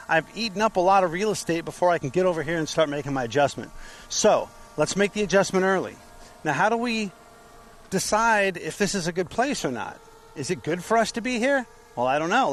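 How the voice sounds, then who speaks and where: A man with a voice a little higher than usual walks through motorcycle cone patterns on an outdoor training lot. He explains in a practical way, asking his own questions and answering them. Faint outdoor noise sits behind him. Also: fairly bright tone, low-quality recording. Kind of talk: outdoor instructional walkthrough.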